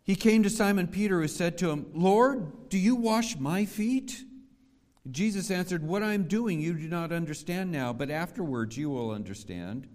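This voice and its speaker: A man preaching a sermon, measured and deliberate, asking the congregation rhetorical questions. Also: on the high side, lively intonation, a little mellow, long reverb tail. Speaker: pastor.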